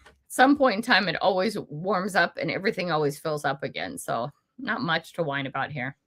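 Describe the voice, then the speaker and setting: An older woman from the United States speaks low, expressively and a little fast, with a fairly bright tone. She hosts a casual indoor livestream from home, rambling as she chats, laughing often and answering viewer comments.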